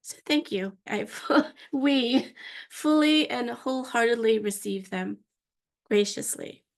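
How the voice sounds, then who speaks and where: A woman's voice: a little high, takes it slowly, vocal fry. Effusive woman co-hosting a podcast. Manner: warm, effusive, with frequent restarts and laughs. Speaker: podcast co-host and practice manager. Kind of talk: casual podcast chat.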